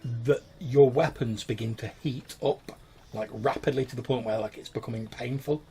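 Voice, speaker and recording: A man runs a tabletop game in a relaxed, rambling way, his voice mid-pitched and gravelly. His narration is casual and full of fillers, with faint noise in the background. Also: normal speed. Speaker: game master.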